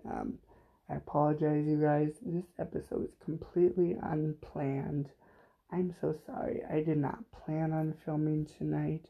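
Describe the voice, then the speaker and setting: A man hosting a podcast alone, speaking slowly and haltingly with lots of pauses and fillers. His voice has a gravelly edge and sounds close to tears. The recording is a bit dull and lo-fi. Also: a little high. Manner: halting, many fillers, emotional and apologetic. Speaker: podcast host. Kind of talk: unplanned solo podcast talk.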